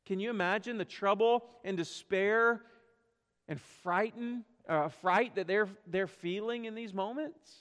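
A pastor with a high, fairly bright voice preaches a sermon at a slightly slow pace, earnest and full of rhetorical questions, his voice swelling and falling. The recording carries a long hall reverb.

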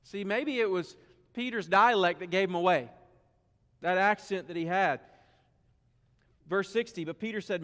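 A man's voice: high voice, normal speed. Southern man preaching in a big hall. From South Carolina. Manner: swings from hushed to loud and emphatic, rhetorical questions. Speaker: pastor. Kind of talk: sermon.

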